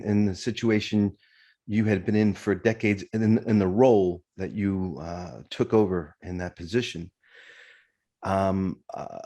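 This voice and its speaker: Low-voiced reflective podcast host. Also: male voice, a little mellow. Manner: reflective, sincere, addresses listeners. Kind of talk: podcast interview.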